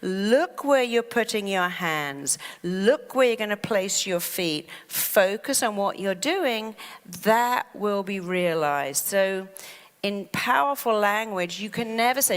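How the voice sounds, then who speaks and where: A woman giving a motivational talk, animated, acting out fretful inner voices as she teaches. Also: mid-range voice. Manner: animated, acts out quoted worries in a fast fretful voice. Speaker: therapist and speaker. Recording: long hall reverb.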